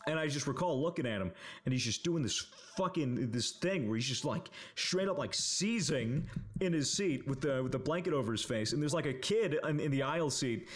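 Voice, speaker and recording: A young guy co-hosting a podcast rambles through a casual story, packing it with fillers, swearing and laughing along the way. His mid-range voice is expressive and brisk.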